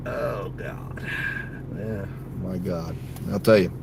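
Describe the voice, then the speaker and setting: A man who drives for a delivery app, talking casually to viewers from his car, swearing freely and swinging between muttered grumbling and loud outbursts. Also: deep voice, gravelly, very noisy. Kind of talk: casual vlog while driving.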